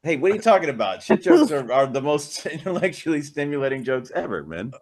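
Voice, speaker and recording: A man in a casual podcast chat, his voice on the high side. He rambles, circles back and restarts his sentences while explaining himself. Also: very animated, brisk, a little mellow. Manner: rambling, restarts, repeats phrases.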